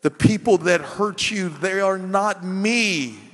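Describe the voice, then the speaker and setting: High-voiced, fervent male pastor preaching. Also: takes it slowly, in a large hall. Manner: passionate, rising to shouts, repeating phrases. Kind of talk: preaching a sermon.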